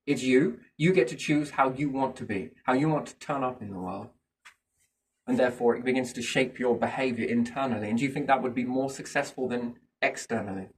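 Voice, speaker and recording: Guy thinking out loud, rambly, keeps going "isn't it?", sounds a little far off the mic. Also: mid-range voice, fairly quick, a little hiss or hum. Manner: rambling, musing, keeps asking rhetorical questions. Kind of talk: casual speculative chat.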